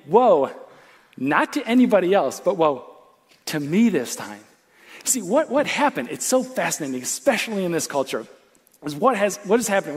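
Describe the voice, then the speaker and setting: High-voiced animated male pastor. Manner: animated storytelling, conversational with casual fillers. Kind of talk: sermon. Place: church auditorium.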